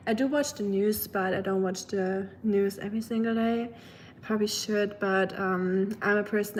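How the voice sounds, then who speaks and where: A woman live streamer chatting casually with her viewers, rambling with lots of fillers and quick laughs. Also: medium pitch, a little hiss or hum. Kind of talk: casual chat reading viewer comments.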